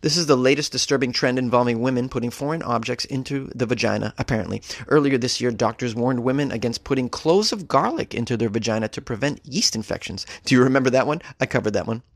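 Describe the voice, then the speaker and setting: A man's voice: mid-range voice, fast, hardly any pauses, dry recording. A man hosting a comedic news podcast, reading stories and riffing on them with wry jokes. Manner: wry, joking, riffs on stories. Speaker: podcast host.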